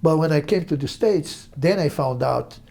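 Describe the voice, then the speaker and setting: An older man from Brazil with a Brazilian accent, telling stories in an interview in an animated, halting way. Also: on the high side, gravelly. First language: Portuguese. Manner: animated, halting, acts out voices in quotes. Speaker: interview guest, musician. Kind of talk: storytelling interview.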